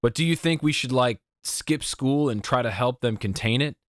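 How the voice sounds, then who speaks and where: In a dry, clean studio recording, a man voices a blunt, pushy teenage boy in an audiobook, teasing as he speaks. His mid-range voice sounds natural but is pitched above his own, at a normal speed.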